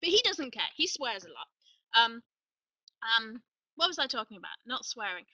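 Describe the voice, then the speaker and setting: Woman host for a casual live stream: high, very bright voice, eager and rambling, dry sound set a little back from the mic. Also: normal speed, no echo, far from the mic, rough recording. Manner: chatty, excitable, rambling with restarts.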